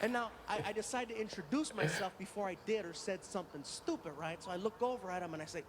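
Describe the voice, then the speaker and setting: A male stand-up comedian telling a long story, animated and acting out every voice. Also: high voice, quick pace, hardly any pauses, over a noisy crowd. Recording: noisy live stand-up recording.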